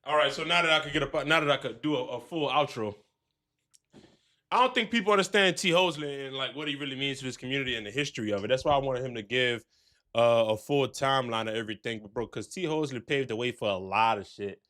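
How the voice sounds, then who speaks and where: A man's voice: medium pitch, fast, bright, forceful tone. A man hosting a casual streamed interview, loose and slangy, laughing along with his guest. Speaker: host.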